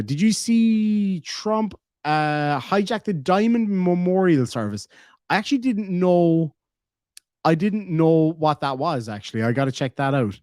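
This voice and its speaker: A man with an Irish accent reads super chats in a casual, joking livestream. His voice sits a little high for a man and sounds dry and close to the mic. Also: a little mellow, dry recording. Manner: joking, playful, laughs often. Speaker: livestream host.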